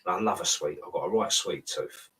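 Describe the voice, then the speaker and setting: Bloke rambling through a dream story, lowish voice, bit far from the mic. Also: male voice, brisk, bright, forceful tone. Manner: rambling storyteller, self-interrupting. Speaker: guest telling a dream. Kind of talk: casual chat.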